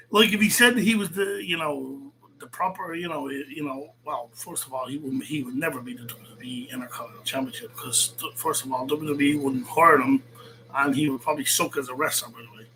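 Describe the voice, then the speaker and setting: A man hosting his own channel, reacting with laughter and free swearing in a mocking, casual commentary. His voice is bright and slightly high, with faint noise in the background. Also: rough recording. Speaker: YouTube channel host.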